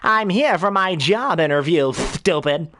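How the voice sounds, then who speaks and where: A man's voice: high voice, animated, unhurried, sharp tone, pitched above the performer's own voice, heavily acted. A man voicing a brash, indignant male cartoon duck with a sputtering lisp.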